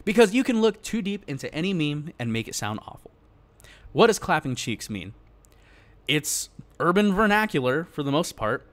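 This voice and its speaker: Worked-up man ranting, lively voice. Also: sits high, moderate pace. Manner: casual slangy address to the audience. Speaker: gaming YouTuber. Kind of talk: ranting gaming commentary.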